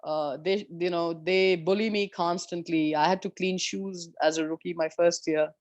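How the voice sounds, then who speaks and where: A woman golfer telling stories of her years on tour in an interview, animated and candid, swearing freely. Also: lowish voice, normal speed, dry recording, highs cut off. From India. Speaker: professional golfer guest. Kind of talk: storytelling in an interview.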